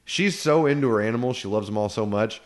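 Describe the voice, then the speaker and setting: Casual, swearing man recapping a horror episode. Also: fairly low pitch. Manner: retells scenes with quick put-on character voices, swears often. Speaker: podcast co-host reviewing a horror episode. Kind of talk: casual chat.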